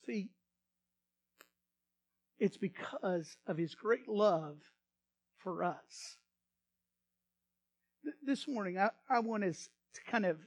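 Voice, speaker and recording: High-voiced pastor preaching with swings in volume. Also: male voice. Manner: repeats words when starting phrases. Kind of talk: sermon.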